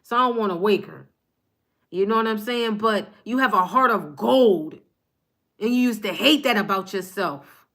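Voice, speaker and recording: A woman's voice: mid-range voice, normal speed, a bit bright. Woman doing a live card reading from her table at home, super amped and repeating herself, talking into her phone. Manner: passionate, fired up, repeats herself for emphasis. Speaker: spiritual card reader. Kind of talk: live-streamed motivational reading.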